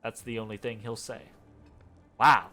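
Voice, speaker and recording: A man reading in-game lore aloud as a storyteller, expressive, with casual asides between passages. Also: medium pitch, unhurried, soft background music. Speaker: gameplay narrator.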